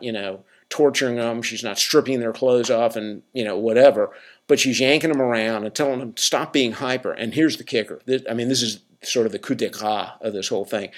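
A man hosting a podcast, giving casual advice in a rambling, blunt and wry way, full of fillers. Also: medium pitch. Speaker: podcast host.

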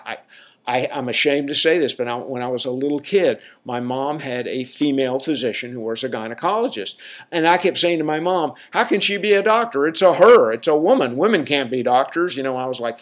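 Southern-accented man, casual rambling monologue host, mid-pitched voice. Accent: Southern American. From Southern United States. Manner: rambling, colloquial, talks to listeners with frequent "right?".

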